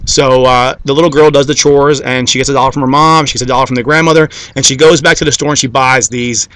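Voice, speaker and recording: A man's voice: mid-range voice, fairly even intonation, quick pace, few pauses, fairly bright tone, dry recording. A man giving a motivational talk to an audience, preachy and repetitive, forever checking in with "okay?" and "guys" as he stacks up parallel phrases. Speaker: motivational speaker.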